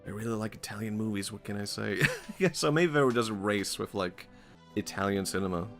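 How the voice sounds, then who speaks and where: A low-pitched man with a gravelly, creaky edge to his voice, rambling chattily as he comments on a game he's streaming. He laughs a lot between thoughts, and soft game music plays faintly underneath. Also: expressive, a little fast. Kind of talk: casual gameplay commentary.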